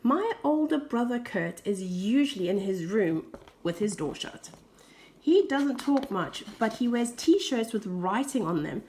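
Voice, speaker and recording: A woman reading a children's picture book aloud in a slow, unhurried way. Her voice sits fairly high, and she drops into soft whispered asides for effect. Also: big pitch swings. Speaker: storybook reader.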